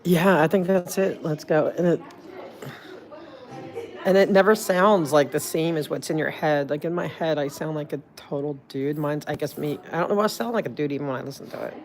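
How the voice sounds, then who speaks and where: Woman, Jersey accent, low-pitched, rambling livestream chatter on a phone. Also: brisk. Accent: New Jersey. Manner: rambling and chatty, full of "like" and restarts. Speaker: streamer. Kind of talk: casual livestream chat.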